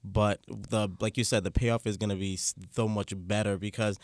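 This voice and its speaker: A man speaks as a podcast co-host in an earnest, thoughtful way. His voice is on the low side and sounds close and dry, with no room echo. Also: level tone, moderate pace. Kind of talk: casual podcast chat.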